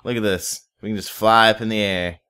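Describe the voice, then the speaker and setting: A man's voice: on the low side, fairly even intonation, brisk, bright, forceful tone, clear, resonant tone. A young man casually commenting while playing a modded block game, rambling, swearing offhand and chatting to viewers and in-game animals. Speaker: Let's Play host.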